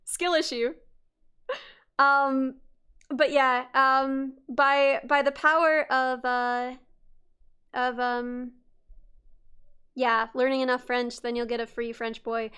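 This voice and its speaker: Young woman streamer, high voice, loose rambling chat to viewers, lots of ums and self-restarts, laughs easily. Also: level tone, slow pace, pauses often, sharp tone, smooth. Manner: chatty and rambling, frequent restarts and fillers, laughs often. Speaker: livestreamer.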